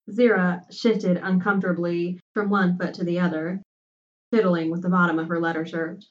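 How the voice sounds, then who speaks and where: A woman narrating a story in an even, measured audiobook style. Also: fairly low pitch, roomy sound. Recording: distant, muffled recording.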